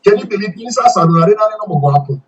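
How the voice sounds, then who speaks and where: A man's voice: sits high, lively intonation, fast talker, recorded from a distance, over a noisy crowd, low-quality recording. A man with a Sierra Leonean accent, giving a fiery interview and repeating himself when angry. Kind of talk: impassioned interview.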